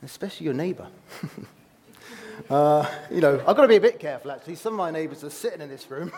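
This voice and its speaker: A man's voice: on the high side, animated, quick pace, darkish tone. A man giving an informal sermon to a room of listeners, chatty and self-deprecating, often laughing at himself. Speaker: preacher. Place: room with an audience.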